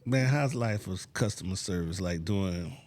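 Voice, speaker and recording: A man hosting a relaxed interview, asking questions and adding short replies. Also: low-pitched, a little slow. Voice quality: relaxed, many short backchannels. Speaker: podcast host. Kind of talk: casual interview chat.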